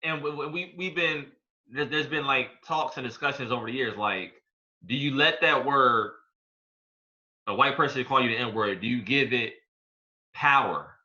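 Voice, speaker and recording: A young man co-hosting a podcast, telling a story in casual chat with laid-back slang, going quiet at its serious parts. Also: medium pitch, normal speed, lo-fi sound. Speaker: podcast co-host.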